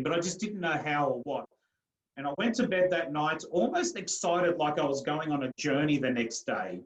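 A man with a slightly high voice tells his own story as an interview guest, earnest and emphatic throughout. He tends to double up his words as he builds toward a point. The room around him adds a clear echo to every phrase. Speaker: guest, coach and mentor. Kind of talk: personal storytelling in a podcast interview.

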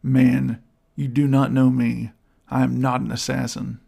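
Male narrator doing a brooding, blunt hunter; gravelly, clipped, harsh delivery. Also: mid-range voice, level tone, unhurried, warm tone, full character voice. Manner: curt, harsh, abrupt replies. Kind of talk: audiobook character voice.

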